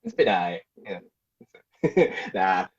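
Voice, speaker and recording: A man's voice: low-pitched, big pitch swings, very slow, breathy edge, dull audio. A man from the English Midlands, a guest on a podcast, reminiscing in a rambling, giggly way. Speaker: guest graphic designer. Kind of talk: casual podcast chat.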